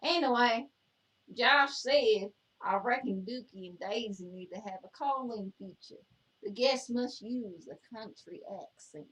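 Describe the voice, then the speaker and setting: A woman reads viewer comments aloud as co-host. She talks in sassy, scolding banter at a medium pitch. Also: unhurried, a bit bright. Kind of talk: casual chat.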